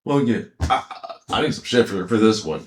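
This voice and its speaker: Man, casual anime rant, lively pitch swings, profane, echoey room. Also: brisk, slight background noise. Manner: animated, profane, laughing storytelling. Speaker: anime commentator.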